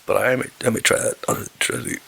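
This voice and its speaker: A man's voice: fast, bright, forceful tone, slight background noise, poor audio. A man hosting a solo podcast, rambling bluntly with lots of swearing and asides while having a drink. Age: adult with a daughter. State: drinking alcohol while talking. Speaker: podcast host.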